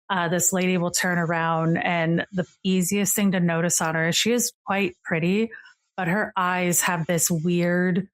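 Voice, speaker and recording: A woman narrating a tabletop game as game master, describing scenes casually with lots of "like" fillers. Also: on the low side.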